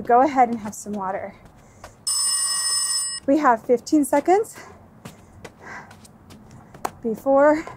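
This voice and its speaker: A woman with a high, bright-pitched voice coaches a workout at an easy, unhurried pace. She calls out moves and rest counts in an upbeat way and talks as she exercises along. A faint hum sits behind her. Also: rough recording. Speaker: fitness instructor.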